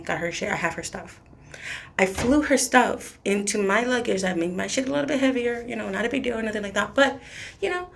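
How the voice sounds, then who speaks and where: A woman's voice: medium pitch, creaky, fairly bright tone, slight background noise. A woman in her late twenties, ranting straight at her listener in a heated, profane way. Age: late 20s. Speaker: vlogger. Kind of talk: angry direct-to-camera rant.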